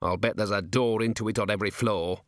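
A man voicing a sharp, driven veteran police commander in an audiobook, talking briskly and firing probing, rhetorical questions. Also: fairly low pitch, steady tone, no echo, studio quality, close to an everyday voice. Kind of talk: audiobook character voice.

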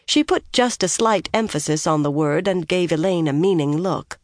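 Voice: mid-range voice, dry recording. Dry, close audiobook narrator. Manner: steady, measured storytelling. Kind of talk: scripted fantasy narration.

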